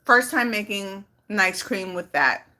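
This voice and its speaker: Bright-voiced woman chatting on a live stream. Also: mid-range voice, lively intonation, slow. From California, Bay Area. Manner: chatty, playful, reads comments aloud. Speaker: vlogger on a livestream. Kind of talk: casual live-stream chat.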